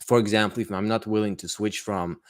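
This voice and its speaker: A man's voice: on the low side, steady tone, a little fast, dry recording, studio quality. A man teaching English on a live-streamed podcast. He answers viewer questions in a chatty, hesitant way, with many fillers and restarts.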